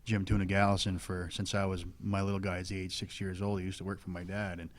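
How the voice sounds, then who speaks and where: Casual male racer, thirties, low voice, rambling and plainspoken. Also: little pitch movement, fairly quick. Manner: plainspoken, rambling with many fillers. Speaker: local stock car driver. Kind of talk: casual radio talk.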